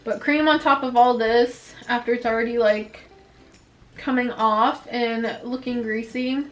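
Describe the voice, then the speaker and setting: Here the same kind of scene plays out: a young woman, a beauty vlogger, records herself indoors at home for a relaxed makeup review, talking and airing her annoyance, slightly breathless. She speaks on the high side with fairly even intonation and a little slowly, over poor audio.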